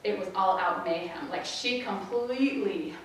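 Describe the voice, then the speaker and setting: A middle-aged woman telling a personal story to a live audience, acting out her family's voices with big jumps in pitch. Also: normal speed, slight background noise. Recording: echoey hall, voice from a distance.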